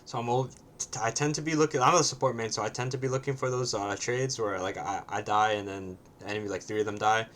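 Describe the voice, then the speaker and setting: A man's voice: lowish voice, steady tone, fast, a bit bright, a little hiss or hum. A man casually commenting on his own match, often ending points with a questioning "right?" and sometimes swearing bluntly.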